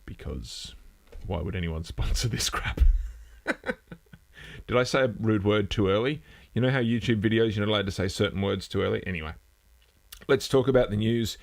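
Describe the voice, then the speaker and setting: Speaking low and gravelly, this host runs an easygoing live news stream from home. He rambles, jokes at his own expense, and keeps drifting off mid-thought before restarting.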